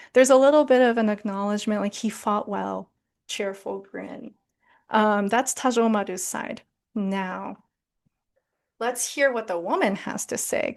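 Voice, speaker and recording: A woman leading a casual book club discussion, summarizing a story in a chatty way with many fillers. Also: medium pitch.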